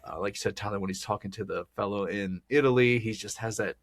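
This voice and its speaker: On a podcast, a man whose voice is on the low side discusses a film at a quick pace. His talk is casual, rambling, and chatty, with frequent laughter.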